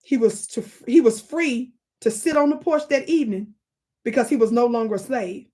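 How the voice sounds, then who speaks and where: Woman, livestream host, reading aloud, preachy, animated, talks to chat, fairly high voice. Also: moderate pace. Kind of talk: live-stream commentary, reading history aloud.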